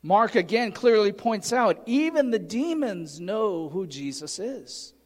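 A man's voice: high-pitched, sing-song, slow, in a large hall. A man preaching a sermon, earnestly teaching and reading scripture aloud with emphasis. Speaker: pastor.

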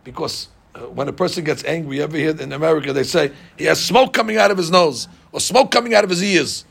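Bible class teacher, man, high gravelly voice, animated and quizzing the class. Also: fast talker. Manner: animated, asks the class questions. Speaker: Torah teacher.

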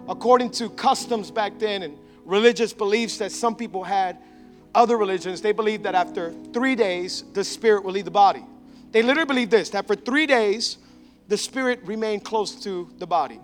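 A male pastor preaching an animated sermon in a church, acting out the characters he describes. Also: high-pitched, a little fast, faint music behind. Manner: animated, acts out biblical characters.

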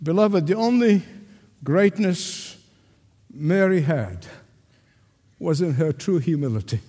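A pastor preaching a sermon to a congregation, emphatic and insistent, often repeating a word for stress. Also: male voice, on the high side, animated, slow pace, dark tone. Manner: addresses the congregation directly. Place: church sanctuary before a congregation. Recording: long reverb of a large hall.

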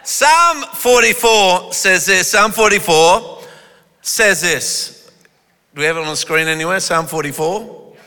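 A pastor preaching a sermon, joking with volunteers and then building to forceful delivery. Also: male voice, sits high, expressive, unhurried, clear, resonant tone. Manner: playful and teasing, then rising to forceful preaching. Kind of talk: sermon with audience participation. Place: church hall. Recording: echoey hall reverb.

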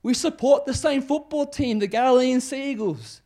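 A preacher voicing an indignant townsman who insists he is an old friend, pleading with rapid, incredulous questions. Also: extremely high pitch, warm tone, pitched above the performer's own voice.

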